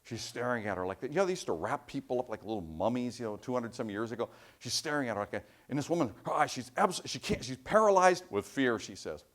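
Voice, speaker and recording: A man giving a university lecture, telling anecdotes in an animated way with frequent restarts. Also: mid-range voice, fast talker. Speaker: professor giving a guest lecture.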